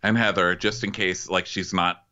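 A man's voice: sits low, steady tone, moderate pace, pushed and bright, lo-fi sound. A man co-hosting a podcast, telling the story emphatically and with exasperation in casual chat. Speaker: podcast co-host.

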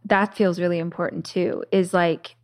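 A woman hosting a podcast tells stories in casual conversation, her voice fairly low with fairly even intonation at a normal speed. She's a chatty storyteller, full of fillers, many "like"s, and restarts.

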